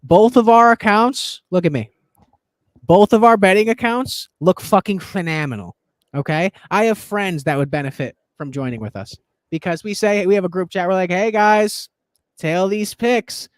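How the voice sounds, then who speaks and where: A man hosting a casual sports betting chat, excitable and profane, rambling as he pushes his picks. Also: high voice, moderate pace, no room sound. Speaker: podcast host and betting tipster.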